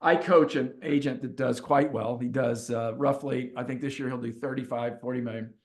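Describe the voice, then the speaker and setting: A man speaking as a coach in a webinar, telling stories in an animated way and repeating points for emphasis. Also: medium pitch. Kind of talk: webinar talk with storytelling.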